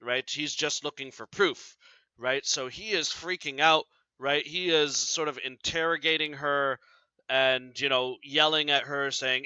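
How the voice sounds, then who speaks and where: A man's voice: medium pitch, steady tone, a little slow, pushed and bright, clear, resonant tone, no echo. A man teaching a literature lesson in an explanatory way, often checking in with "right?", recorded dry and slightly dull.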